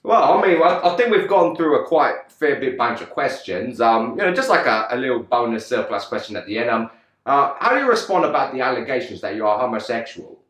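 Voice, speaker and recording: A man's voice: mid-range voice, big pitch swings, fairly quick, a bit bright, reverberant. A man interviewing a bandmate in a playful tough-guy banter, swearing heavily. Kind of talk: joking casual interview.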